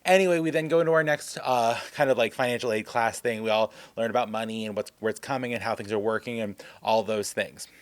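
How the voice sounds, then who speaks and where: A man's voice: medium pitch, fast, hardly any pauses, dry recording. A young man telling a casual storytime vlog, rambling and self-mocking, full of filler words. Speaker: vlogger.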